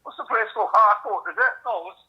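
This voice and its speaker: A man putting on a shrill mock-Russian doorman. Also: fairly quick, husky, dull audio. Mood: officious. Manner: high-pitched, officious mimicry. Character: pushy male event worker in mock Russian accent.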